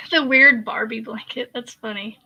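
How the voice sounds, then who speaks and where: A woman from Kansas, USA, hosts a crochet channel live stream, her voice fairly high and a little slow. She chats casually while she works, laughing often and answering viewer comments. The audio is dull.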